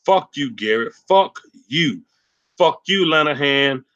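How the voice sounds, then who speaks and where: A man hosting a sports livestream, ranting angrily and cursing, swinging between loud rants and low mutters. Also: expressive, takes it slowly, lo-fi sound. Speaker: sports channel host. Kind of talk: profane livestream sports rant.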